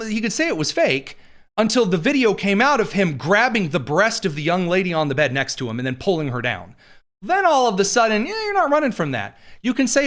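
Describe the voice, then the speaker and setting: A man's voice: high-pitched, very animated, fairly quick, a bit bright. A man hosting casual political commentary, sarcastic and jokey, with frequent fillers and asides.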